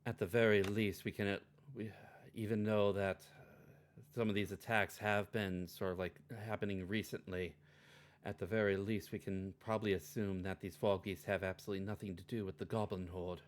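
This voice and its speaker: Measured, curious elf woman as a man plays her, low, in-character tabletop role-play. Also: flat delivery, lightly acted. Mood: musing.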